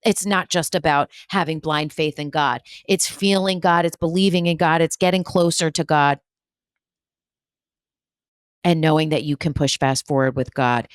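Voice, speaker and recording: A woman's voice: deep voice, a little slow, dry recording, studio quality. A woman hosting a spiritual podcast, giving an emphatic, repetitive motivational talk with blunt swearing and humor. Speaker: spiritual medium and podcast host.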